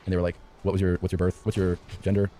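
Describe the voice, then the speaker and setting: A young man with a low voice talks quickly and teases with crude jokes. He sounds like a relaxed co-host in a casual chat, with a faint hiss behind him. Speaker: podcast co-host.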